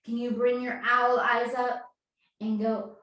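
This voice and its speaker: A woman's voice: a little high, little pitch movement, slow, fairly bright tone, highs cut off. A woman leading a children's story time, reading a picture book, singing and coaxing young kids to join in. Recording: echoey room, distant mic.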